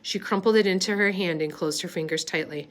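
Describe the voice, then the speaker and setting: Woman reading a novel aloud, low voice. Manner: unhurried, with small slips and restarts. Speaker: reader.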